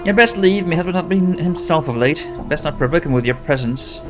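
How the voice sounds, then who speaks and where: A man's voice: on the high side, a little fast, music in the background, natural voice. A man voicing a wary, worried wife of a hot-tempered husband, in a put-on fake Scottish accent. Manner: hesitant, wary.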